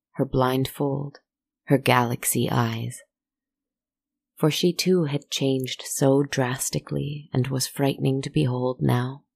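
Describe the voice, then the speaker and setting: A storyteller narrating a slow, meditative tale in a soft, reflective manner, with asides to the listener. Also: medium pitch, vocal fry, dry recording.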